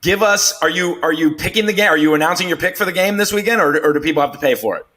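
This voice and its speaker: Quick-talking podcast host man. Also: on the high side, bright, forceful tone. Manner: brief reactions and quick questions. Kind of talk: casual podcast interview.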